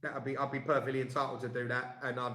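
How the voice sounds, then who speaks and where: A man's voice: medium pitch, flat delivery, fast talker, sharp tone. A man telling an indignant story in casual chat, with lots of restarts. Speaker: co-host. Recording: echoey room.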